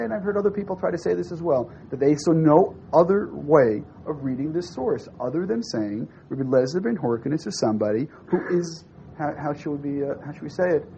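A man teaching a class in a fairly high voice, swinging up and down as he acts out a story's dialogue. He keeps asking his listeners questions. The recording is dull and lo-fi, with a faint hiss under it. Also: vocal fry. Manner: animated, acts out dialogue with rising and falling voice; asks the audience questions. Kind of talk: lecture with storytelling.

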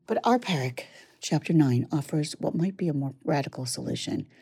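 A woman giving a measured, reflective study lesson, weaving Hebrew verses into English explanation. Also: low-pitched, lively intonation, gravelly, mellow, husky, dry recording, clean studio sound. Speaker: Torah study teacher.

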